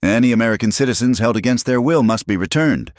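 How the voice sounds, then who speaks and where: A man's voice: mid-range voice, expressive, quick pace, no room sound, studio quality, pitched above the performer's own voice, close to an everyday voice. A man voicing a dutiful young army captain who speaks formally in a storybook tale. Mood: official.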